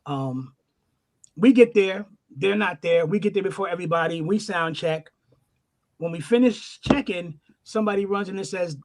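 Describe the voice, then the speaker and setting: Middle-aged man, guest musician, high voice, animated, swears a lot. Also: normal speed. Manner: animated, profane, acts out the voices in his stories. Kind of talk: storytelling in a casual chat.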